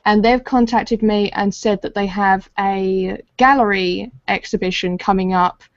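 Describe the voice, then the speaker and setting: A woman's voice: medium pitch, steady tone, a little slow, dry recording. A woman hosting a podcast, chatting in a dry, teasing way. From England. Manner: dry, teasing, laughs easily. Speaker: podcast host and artist. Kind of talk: casual chat. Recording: dry, muffled lo-fi audio.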